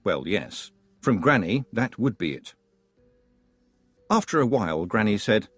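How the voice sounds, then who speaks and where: A man narrating a fantasy audiobook with expressive, wry storytelling. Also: fairly low pitch, measured pace, husky, dry recording, soft background music. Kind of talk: scripted narration.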